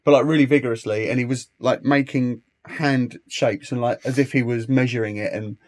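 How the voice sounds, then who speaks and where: A man in casual chat, telling travel stories in an animated, ranting way. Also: mid-range voice, fairly quick.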